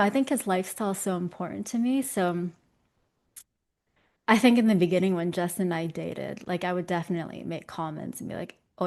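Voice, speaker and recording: Interview guest: young woman, low voice with a gravelly edge, chatty and self-mocking. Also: darkish tone. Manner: chatty and self-deprecating, laughing often. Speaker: interview guest, visual development artist. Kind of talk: casual conversation.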